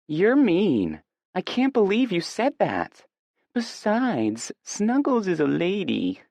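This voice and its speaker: A defiant young woman trades dry, matter-of-fact jabs in a romance audiobook, put on by a male narrator. The delivery is sassy and deadpan, set in a higher register. The sound is close and dry. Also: slow, creaky, dry recording, heavily acted. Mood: baby talk.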